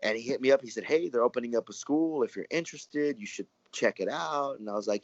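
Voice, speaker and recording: A man, a wrestler telling stories in a relaxed interview, rambling and acting out what others said. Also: medium pitch, quick pace, no echo. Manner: rambling, animated, acts out quoted dialogue. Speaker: professional wrestler and guest. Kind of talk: casual storytelling interview. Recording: dry, muffled lo-fi audio.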